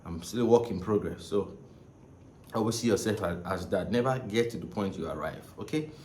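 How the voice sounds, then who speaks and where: A man's voice: lowish voice, fairly quick, a little mellow. A man giving a casual spoken saxophone lesson, rambling and repeating himself, often checking in with "right?" and "okay?". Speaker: saxophone teacher. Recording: echoey room with faint ambient noise.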